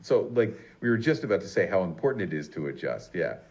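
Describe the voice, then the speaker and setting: A man's voice: low-pitched, sing-song, fast, darkish tone. A synthetic man's voice co-hosting a podcast-style chat, eager and affirming, often thanking the listener. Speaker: AI podcast co-host.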